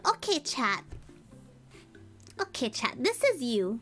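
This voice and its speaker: Brief: playful woman ASMR streamer with a high voice, close-miked, giggling between read passages. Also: lively intonation, unhurried. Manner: giggly, playful asides to chat. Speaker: streamer reading a storybook. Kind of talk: ASMR storytelling and chat. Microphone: close ASMR mic. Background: soft background music.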